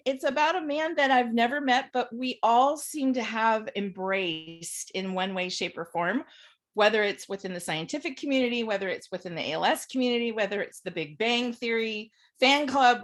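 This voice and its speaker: Lady on a zoom call telling funny stories, kinda high voice, laughs a lot. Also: normal speed. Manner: chatty, animated, laughs while telling stories. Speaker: panel participant. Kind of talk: casual storytelling on a video call. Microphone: video call.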